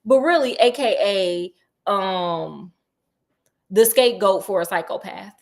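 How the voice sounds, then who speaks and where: A woman casually retelling a children's book, chatty and animated with slangy, playful asides. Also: medium pitch, slow. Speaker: storyteller.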